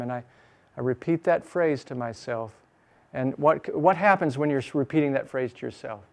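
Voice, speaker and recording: A man teaching a Bible class, repeating scripture phrase by phrase with slow emphasis, then explaining in a quick, lively way. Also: medium pitch. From Chicago.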